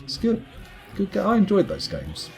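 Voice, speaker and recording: A man's voice: high voice, huge pitch swings, moderate pace, creaky, darkish tone, faint music behind. Rambling man streaming a game. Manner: rambling, wry and self-mocking. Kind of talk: casual live-stream chat while gaming.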